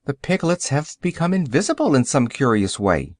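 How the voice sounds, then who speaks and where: A man voicing a kindly, courteous old male wizard in a polite, measured way. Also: mid-range voice, very animated, dry recording, clean studio sound, natural voice.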